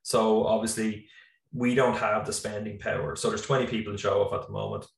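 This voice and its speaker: A man's voice: fairly low pitch, fairly quick, vocal fry. An Irish man in his thirties, a farmer and business founder, talking casually on a video call with lots of fillers. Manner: relaxed, rambling, many fillers. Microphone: computer mic on video call. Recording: echoey room, slightly distant mic.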